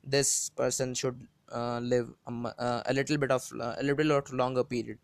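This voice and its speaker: A man hosts a solo motivational podcast, speaking at an ordinary middle pitch. His voice is smooth and resonant, and the sound is close and dry with no room around it. He talks earnestly, circling back to repeat and rephrase his points with many pauses and fillers. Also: little pitch movement, dry recording. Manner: earnest, repeats and rephrases himself with frequent hesitations. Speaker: podcast host.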